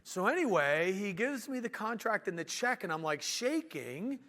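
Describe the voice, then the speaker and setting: A man telling a business story in an animated way, acting out what people said to him. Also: sits high, moderate pace. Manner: animated, acts out quotes. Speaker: business owner and speaker.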